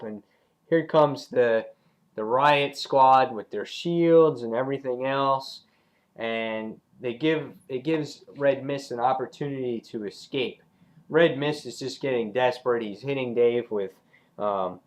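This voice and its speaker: A man casually reviewing a comic book, retelling the story with excitement and acting out the characters' lines in a raised voice. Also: medium pitch.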